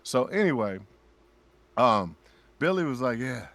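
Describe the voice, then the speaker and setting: Animated male guest telling stories. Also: medium pitch, normal speed, long pauses, a little hiss or hum. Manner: animated storyteller who acts out friends' lines. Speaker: guest voice actor. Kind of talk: casual podcast chat.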